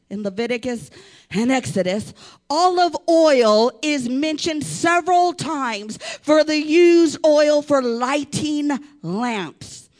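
A woman preacher delivering an impassioned sermon, rising into shouts and urging the congregation to respond. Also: sits high.

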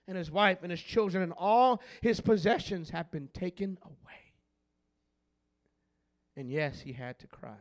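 Preaching in a very high voice, this pastor fills every gap with "uh" and lurches from near-whispers to full-throated shouts.

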